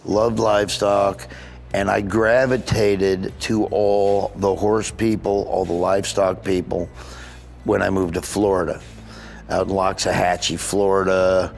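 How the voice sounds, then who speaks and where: In a relaxed interview, a Midwestern comedian in his sixties wanders through long-winded stories, slipping in quick impressions. He has a deep, gravelly voice and a level tone.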